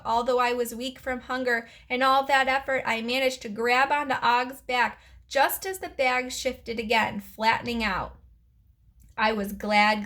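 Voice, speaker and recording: A woman teacher reading a children's chapter book aloud, with lively storytelling and playful voices. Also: on the high side.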